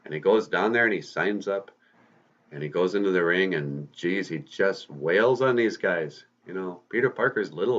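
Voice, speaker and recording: A man's voice: low-pitched, a bit bright. A man, a podcast host, telling a story to kids in a casual, folksy way with rambling asides. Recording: slightly muffled lo-fi recording.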